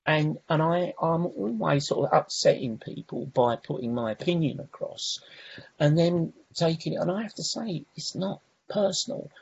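A man's voice: a little high, expressive, normal speed, gravelly, slightly rough, highs cut off. A man sharing his recovery story at a meeting, rambling, with many restarts and "you know"s. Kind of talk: personal recovery share.

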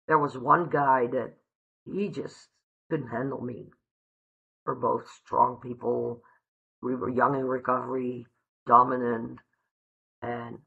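A woman's voice: extremely low pitch, creaky, narrow, tinny audio. A woman from the Netherlands giving a heartfelt, candid personal recovery share, swearing freely. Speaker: recovery meeting speaker.

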